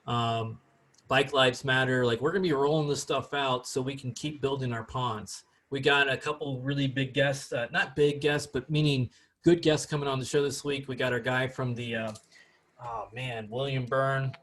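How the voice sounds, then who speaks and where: A man hosting a podcast, talking in a loose, rambling way. He stays upbeat and often stops to hunt for the right word. His voice sits at a middling pitch for a man. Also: fairly even intonation, normal speed, a bit bright. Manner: rambling, upbeat, gropes for words. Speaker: podcast host. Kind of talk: casual chat.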